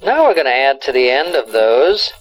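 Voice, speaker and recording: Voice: medium pitch, big pitch swings, normal speed, faint music behind, poor audio. A language teacher leading a lesson, explaining words and prompting the learner along.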